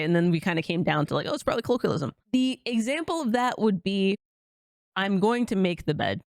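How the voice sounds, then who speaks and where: A woman's voice: fairly low pitch, animated, quick pace, darkish tone, dry recording, clean studio sound. A woman co-hosting a casual podcast, talking bluntly and emphatically with frequent swearing. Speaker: podcast co-host.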